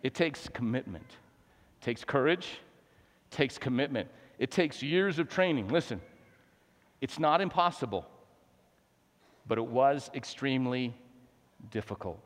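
A man preaching a sermon, swinging between hushed lines and shouted emphasis. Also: medium pitch, lively intonation, a little slow, pauses often. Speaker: pastor. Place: church sanctuary. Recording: long hall reverb.

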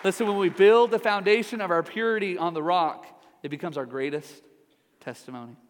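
A man's voice: sits high, brisk, some chatter behind, a little hiss or hum. A middle-aged man preaching a sermon in a church, joking with the congregation in a conversational way. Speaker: pastor. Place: large church hall. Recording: reverberant church hall.

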